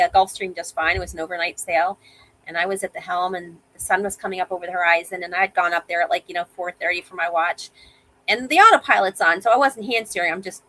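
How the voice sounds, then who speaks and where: Woman, 50s, bright voice, animated storyteller, video call interview. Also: lowish voice, a little hiss or hum, poor audio. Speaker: guest.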